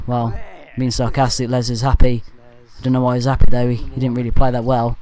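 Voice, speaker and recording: A man talks over match footage in a loose, chatty commentary style. He drifts into jokey asides and corrects himself as he goes, at an ordinary mid-range pitch. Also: completely flat delivery, fairly quick, warm tone. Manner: rambling and jokey, with off-topic asides and self-corrections. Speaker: fan channel match commentator.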